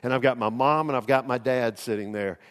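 A man's voice: medium pitch, fairly quick, in a large hall. A man, preaching a sermon as a pastor in a folksy storytelling manner. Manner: folksy storytelling, acts out quoted voices.

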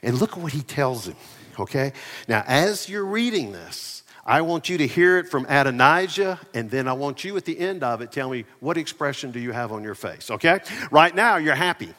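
A male pastor preaching with lively swings from loud, emphatic lines to hushed asides. His voice has a mid-range pitch, and it rings with the long echo of a church hall. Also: normal speed. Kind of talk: sermon. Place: church near ball fields and a parking lot.

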